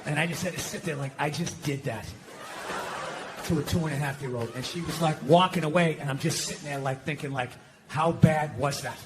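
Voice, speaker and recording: A man doing profane, exasperated stand-up comedy, ranting and acting out shouted confrontations. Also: fairly high pitch, a little fast, noisy background. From United States.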